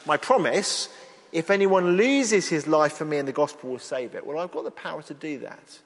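A man preaching a sermon in an earnest, expressive way, acting out the lines he quotes. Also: on the high side, normal speed. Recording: long reverb of a large hall.

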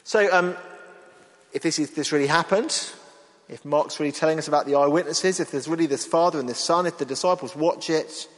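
A man preaching a sermon in an earnest, expressive way, acting out the lines he quotes. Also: on the high side, fairly quick. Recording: long reverb of a large hall.

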